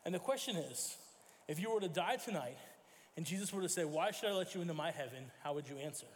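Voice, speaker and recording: A man with a high voice preaches a sermon in a church sanctuary, and the words ring with a long reverb. He tells stories as he goes, acting out quoted voices and sometimes stopping to correct himself. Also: animated, fast talker, a little hiss or hum. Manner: storytelling with acted quotes and self-corrections. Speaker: pastor.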